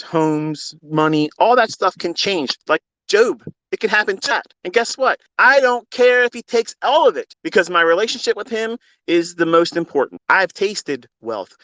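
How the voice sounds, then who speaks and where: A middle-aged man, a trading mentor, giving a blunt, swearing, preachy rant into a phone, with big swings in pitch and pace. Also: a bit bright, no room sound, rough recording. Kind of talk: unscripted motivational rant.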